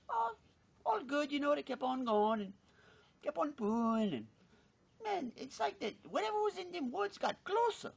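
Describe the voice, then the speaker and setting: A woman's voice: high-pitched, big pitch swings, normal speed, vocal fry. A woman telling a folksy joke casually, drawling and saying "man" and "you know". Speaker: storyteller.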